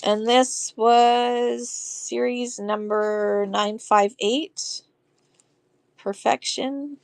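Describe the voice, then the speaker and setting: A woman's voice: on the high side, steady tone, very slow, creaky, clear, resonant tone. A woman selling vintage postcards on a live stream, gushing over each card and reading verses aloud in a chatty way. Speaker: live online auction seller.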